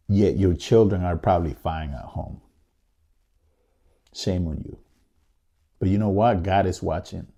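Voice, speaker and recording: A man co-hosting a talk show gives impassioned commentary, angry and upset. His voice is low and very dark. He pleads and repeats phrases for emphasis. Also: highs cut off. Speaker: podcast co-host.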